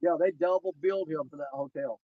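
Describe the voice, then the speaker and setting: A man telling animated, indignant stories in casual chat. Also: fairly high pitch, brisk, dry recording. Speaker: angler co-host. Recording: dull lo-fi recording.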